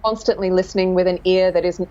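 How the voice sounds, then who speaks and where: Low, thoughtful woman dialect coach. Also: fairly even intonation, quick pace, mellow, muffled recording, a little hiss or hum. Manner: thoughtful, searching for words with many fillers. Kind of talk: casual interview chat.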